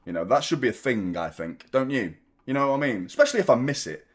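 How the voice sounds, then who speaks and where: A man's voice: mid-range voice, expressive, fast talker, husky. A man casually chatting as host of a live football fan stream, self-mocking and reading out viewer messages. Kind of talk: casual live watchalong chat.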